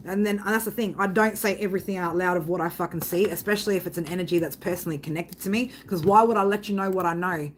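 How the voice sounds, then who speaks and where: A woman's voice: mid-range voice, a little hiss or hum. Woman, psychic reader vlogging, casual storytelling, blunt and sweary, rambling. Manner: rambling, blunt, swears freely, frequent "right?".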